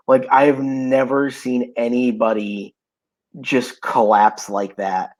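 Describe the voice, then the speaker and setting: A man's voice: medium pitch, slow, low-quality recording. A man co-hosting a casual podcast, telling stories in an easygoing way with lots of fillers. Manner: relaxed storytelling, many fillers. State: has the hiccups. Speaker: podcast co-host. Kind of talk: casual chat. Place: home.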